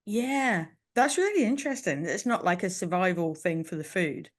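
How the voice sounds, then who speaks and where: A woman co-hosting a casual podcast, her voice sitting a little low. She talks earnestly and reflectively, circling her thoughts with plenty of "you know" fillers. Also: expressive, moderate pace. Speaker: podcast co-host.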